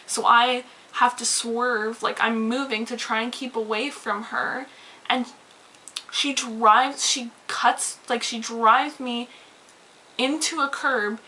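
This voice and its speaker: Woman vlogger, bright higher voice, animated profane storytime rant, faint hiss. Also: rough recording. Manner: animated, swearing, rambling with many "like"s. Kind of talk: casual storytime rant to camera.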